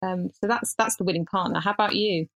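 A woman's voice: medium pitch, fast talker, a bit bright. A middle-aged woman, co-hosting a casual podcast chat and telling stories with lots of restarts. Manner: chatty storyteller, frequent restarts and laughter. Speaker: podcast co-host.

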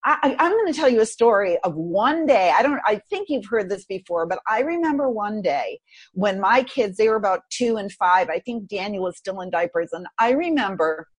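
A woman guest on a podcast, telling a personal story in an animated, expressive way. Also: medium pitch, moderate pace, husky.

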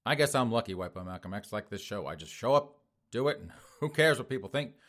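A man's voice: fairly low pitch, lively intonation, fast talker, fairly bright tone. Sarcastic middle-aged man hosting a show. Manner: mocking, sarcastic, laughs at own jokes. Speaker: podcast host. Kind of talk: sarcastic commentary reading news.

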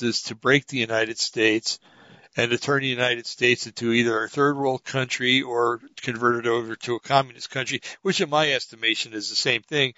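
A man's voice: mid-range voice, sharp tone, dry recording. A man co-hosting a talk show, chatting casually about politics and rambling through stories with many fillers and restarts. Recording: dull lo-fi audio.

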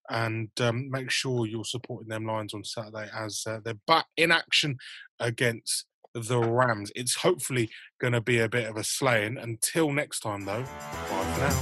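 A man's voice: mid-range voice, fairly bright tone, no room sound. A man hosting a football podcast in casual, jokey chat full of fillers. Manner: chatty, jokey, lots of fillers. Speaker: podcast host.

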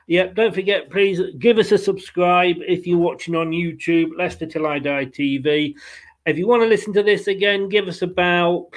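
Host: man, high voice, chatty and upbeat, laughs easily, casual football podcast banter.

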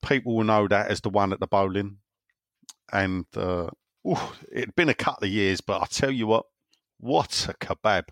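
Reading listener messages out loud between stretches of casual chat, this podcast host speaks at a moderate pace in a fairly low-pitched yet fairly bright voice. The sound is dry and studio-clean.

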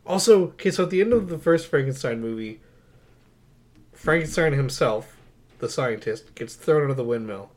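A young man talking through old films on a podcast mic, with a voice of ordinary pitch. He recounts scenes in an incredulous, animated way and laughs often, which keeps the talk lively. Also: normal speed. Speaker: podcast co-host. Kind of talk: casual movie review chat.

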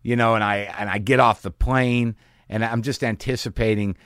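A man's voice: medium pitch, fairly even intonation, moderate pace, a bit bright, no echo, clean studio sound. A man hosting a podcast from his garage, telling a wry, self-deprecating story in a casual, rambling way with many restarts. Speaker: podcast host. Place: home garage studio.

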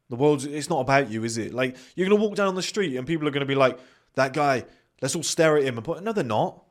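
A man's voice: mid-range voice, animated, fairly quick. A man with a British accent, hosting a podcast and giving a blunt motivational monologue, swearing freely and acting out the voices of the people he quotes. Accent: British English. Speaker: podcast host.

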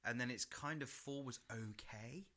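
A man's voice: mid-range voice, normal speed, sharp tone, a little hiss or hum. A young man from co-hosting a podcast, chatting in a rambling, sweary way and acting out what people said. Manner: rambling and sweary, full of "like", acts out quotes. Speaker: podcast co-host. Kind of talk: casual chat.

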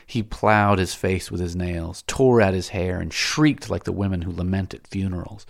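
A man reading a classic novel aloud as an audiobook narrator, in a measured, dramatic way. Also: low voice, creaky, dry recording, clean studio sound.

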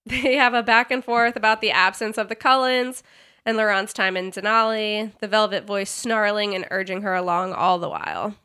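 A woman's voice: medium pitch, normal speed, sharp tone, clear, resonant tone. A woman podcast host giving a giggly, sarcastic recap of a book chapter in casual chat.

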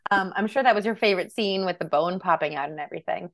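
A woman's voice: on the low side, fast talker, noisy background. A woman co-hosting a film podcast in casual chat, playful, teasing and opinionated. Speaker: podcast co-host.

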